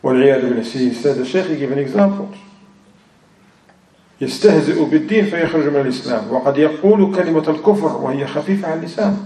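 A man's voice: on the high side, mellow, distant mic, a little hiss or hum. Man teaching religion in an echoey room. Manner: mixes Arabic phrases and recitation into English teaching; non-native English grammar. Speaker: Islamic teacher. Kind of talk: religious lesson explaining a text.

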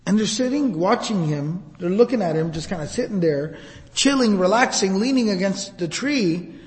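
A male religious teacher tells an old account in a relaxed, conversational way, with a high voice. He paints scenes vividly and speaks to the crowd like friends. A long reverb fills the hall around him. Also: normal speed. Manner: casual, vivid, conversational retelling. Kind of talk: storytelling lecture.

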